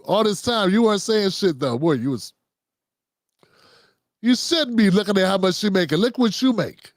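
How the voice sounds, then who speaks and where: A man's voice: sits high, lively intonation, moderate pace, no room sound, clean studio sound. A man hosting his own show, giving mocking, profane comedic commentary on media figures. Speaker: host.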